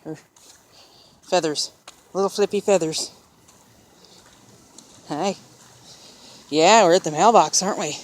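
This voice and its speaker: Her voice is on the low side and darkish, slow-paced with frequent pauses, as this vlogger walks outdoors in the rain with a handheld camera, chatting to her parrot in a sing-song pet voice.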